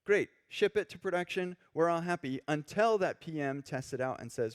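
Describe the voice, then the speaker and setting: Male conference speaker, casual and animated, live-coding on stage into a stage mic. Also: on the high side, moderate pace. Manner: casual, animated, acts out quoted reactions.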